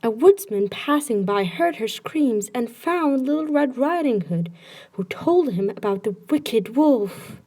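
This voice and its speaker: A woman narrating a children's bedtime story with slow, expressive storytelling. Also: a little high.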